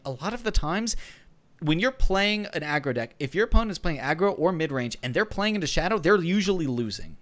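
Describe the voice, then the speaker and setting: A man's voice: fairly high pitch, expressive, a little fast, fairly bright tone. A man co-hosting a gaming podcast, giving casual strategy advice in a rambling way with many fillers and restarts. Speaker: podcast co-host.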